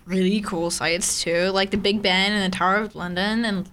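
A woman's voice: medium pitch, steady tone, moderate pace, fairly bright tone. A woman co-hosting a casual chat, rambling and full of fillers and self-corrections. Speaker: co-host.

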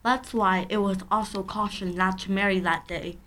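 A woman's voice: medium pitch, fairly even intonation, moderate pace, fairly bright tone. A woman co-hosting a casual chat, speaking hesitantly and unsure of her terms. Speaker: co-host.

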